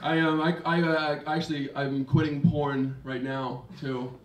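Young male comic, halting and stammering. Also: a little high, flat delivery. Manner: halting, stammering, many fillers and restarts. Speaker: stand-up comedian. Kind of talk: stand-up comedy set. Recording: roomy, distant mic, hissy noise.

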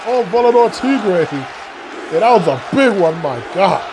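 A man with a high voice calls a wrestling video game match play by play, often repeating himself and shouting when the action peaks. A loud arena crowd roars behind him, and the recording carries plenty of background noise. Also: normal speed. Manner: excitable, builds to shouted outbursts at big moves; repeats phrases and restarts mid-call. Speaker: play-by-play commentator.

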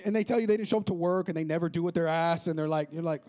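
A pastor preaching a lively, humorous sermon, acting out the people he quotes. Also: high voice, rapid-fire, hardly any pauses. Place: church auditorium.

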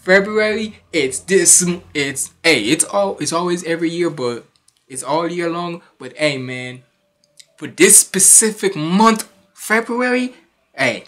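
A man's voice: fairly high pitch, lively intonation, slow, fairly bright tone. A young man hosting a reaction video, bantering in a laid-back, joking way and often apologizing. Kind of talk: casual reaction commentary.

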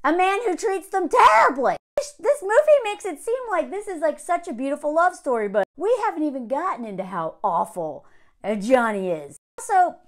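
A woman talks straight to camera, reviewing a film in a casual, blunt way. Her voice sits high and jumps up and down a lot as she slips into mocking impressions of the characters. Her tone stays sarcastic. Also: big pitch swings, moderate pace. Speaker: movie reviewer. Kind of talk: casual vlog commentary.

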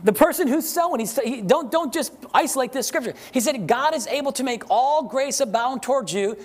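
A man pastor preaching a sermon to a congregation, asking rhetorical questions, leading call-and-response, and slowing down to read scripture with emphasis. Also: very high-pitched, expressive. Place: church service with congregation.

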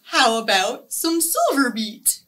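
A woman voicing a mild little piranha who coaxes his friends to eat fruit, gentle and soft-spoken. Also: fairly high pitch, very animated, slow pace, recorded from a distance, heavily acted. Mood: coaxing. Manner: gentle, coaxing.

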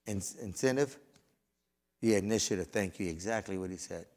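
A man preaching a sermon as pastor, swinging between loud fervent passages and quiet, folksy storytelling with conversational asides. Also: sits low, moderate pace.

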